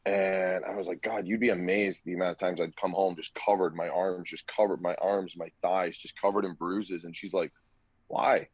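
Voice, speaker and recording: A man's voice: low voice, moderate pace, slightly rough, no room sound, rough recording. A young man, a former college hockey player, chatting on a podcast and acting out the people in his stories. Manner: animated storyteller, acts out quotes. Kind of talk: casual podcast chat.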